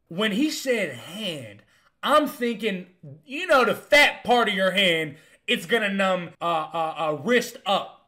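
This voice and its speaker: A young man, a comedian, telling a story in a casual, animated and profane way, with punchy lines. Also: high voice, a little slow. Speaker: comedian host.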